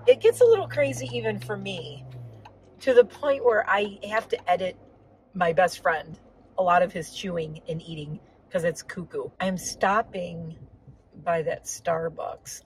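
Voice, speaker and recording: A woman's voice: medium pitch, moderate pace, slightly rough, low-quality recording. A woman chatting casually while driving, rambling with lots of asides and a slightly sore throat. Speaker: vlogger. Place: inside a car on the road.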